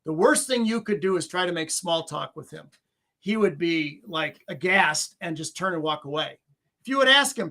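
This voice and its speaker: Bright high-voiced man telling stories. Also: normal speed. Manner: animated storyteller, laughs often. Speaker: guest. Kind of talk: casual conversation.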